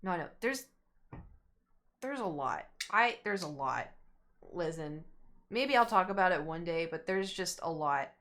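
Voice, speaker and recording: A woman's voice: on the low side, a little slow, pauses often. A young woman streamer telling a rambling story to her chat, acting out what people said. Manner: animated, rambling, acts out quotes.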